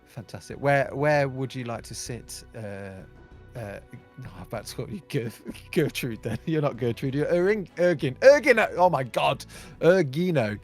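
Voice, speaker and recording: A man's voice: medium pitch, normal speed, a little mellow. Man, player at a tabletop game, casual playful talk, faint music.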